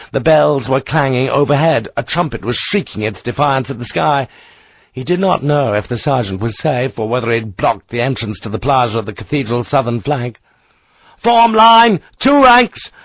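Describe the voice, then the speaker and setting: A man narrating a war novel as an audiobook, telling the battle with tense, vivid delivery. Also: mid-range voice.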